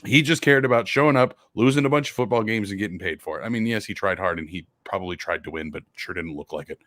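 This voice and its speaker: A man's voice: lowish voice, fast talker, fairly bright tone, no echo, clean studio sound. A man co-hosting a college football podcast, talking casually and urging listeners with profane enthusiasm. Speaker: podcast co-host. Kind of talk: casual sports podcast chat.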